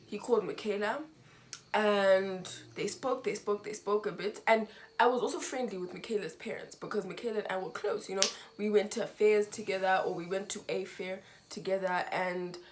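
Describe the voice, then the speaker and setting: A woman from Zimbabwe telling a personal story in a casual storytime vlog, acting out what people said with big jumps in pitch. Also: moderate pace, slight background noise. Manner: animated, lots of "like", acts out quotes with big pitch jumps. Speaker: vlogger.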